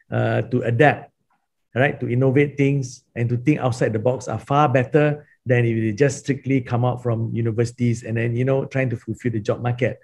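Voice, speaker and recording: Male professor panelist, reflective and conversational, mid-pitched voice. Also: a little mellow. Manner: reflective, conversational with "you know" and "right". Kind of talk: webinar panel answer.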